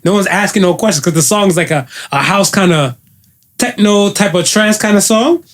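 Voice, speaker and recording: A man's voice: high-pitched, moderate pace, fairly bright tone. A man co-hosting a casual podcast, telling stories in a laid-back, joking manner. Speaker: podcast co-host.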